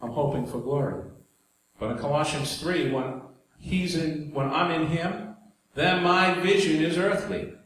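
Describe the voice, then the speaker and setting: A man's voice: a little high, a little slow, fairly bright tone. A man preaching a sermon in a conversational way, with asides and jokes to the congregation. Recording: very echoey hall, faint background noise.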